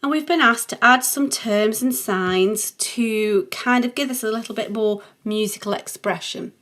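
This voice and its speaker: A woman's voice: medium pitch, a bit bright. A middle-aged woman, a music theory teacher talking through a worked exercise patiently and thinking aloud as she writes. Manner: patient, thinking aloud, sings short note sounds.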